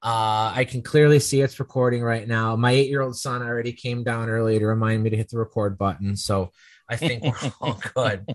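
A man's voice: medium pitch, fairly even intonation, a little fast, no echo. Rambling man hosting a casual podcast. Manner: rambling, self-correcting storyteller. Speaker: podcast host.

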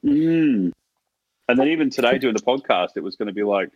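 Australian man, podcast co-host, playful banter, lowish pitch, dull dry line. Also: animated, fast talker, dry recording. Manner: bantering, laughs often. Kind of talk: casual podcast chat.

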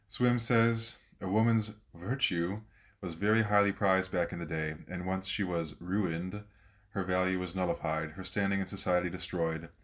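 A man hosting a podcast, chatting casually with fillers and reading a poem aloud. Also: sits low. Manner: relaxed, thinking out loud with fillers. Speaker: podcast host. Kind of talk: casual chat and poetry reading.

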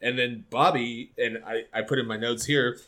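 Man, casual podcast co-host, mid-pitched, loose and jokey with plenty of swearing. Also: steady tone, moderate pace, pushed and bright. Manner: rambling, joking, swears, laughs often. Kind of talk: casual chat.

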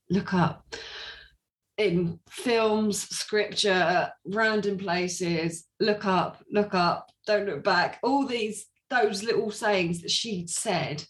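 Laughing, animated woman telling her story. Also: mid-range voice. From England. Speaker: interview guest. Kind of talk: personal testimony in conversation.

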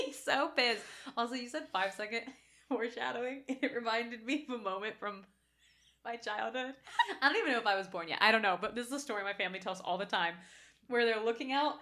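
A woman co-hosting a podcast, chatting casually about a horror film, animated, laughing and swearing. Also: on the high side, a little fast. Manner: animated, swears, laughs loudly, tells stories with voices. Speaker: podcast co-host.

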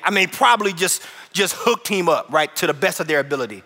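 A man from Chicago preaches with a high, bright, ringing voice, and tells his stories with lots of animation. The sound carries the long reverb of a large church hall. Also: brisk, hardly any pauses. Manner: animated storytelling, acts out voices. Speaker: pastor. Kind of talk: sermon.

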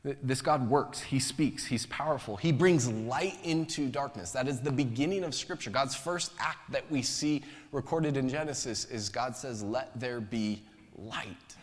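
Man, pastor, conversational sermon, light humor, mid pitch, long hall reverb. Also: normal speed, hardly any pauses. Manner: conversational, joking asides.

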